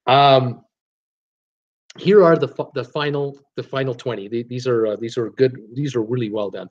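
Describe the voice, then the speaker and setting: A man's voice: mid-range voice, highs cut off. A man hosting a casual live-stream trivia quiz, reading out viewers' guesses with lots of ums and uhs and chuckling at his own jokes.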